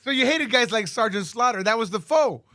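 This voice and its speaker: Man, radio host, high voice, rapid chatty talk, radio studio. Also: lively intonation, pushed and bright, no echo. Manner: quick, chatty, short affirmations. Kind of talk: morning radio interview.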